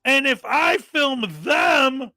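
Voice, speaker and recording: A man with a very high, sharply bright voice hosts a reaction commentary, exasperated and mocking as he rants. His sound is dry and close, with faint music underneath. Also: drawn-out words, dry recording. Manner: exasperated, mocking, often mimics people angrily. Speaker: commentary host.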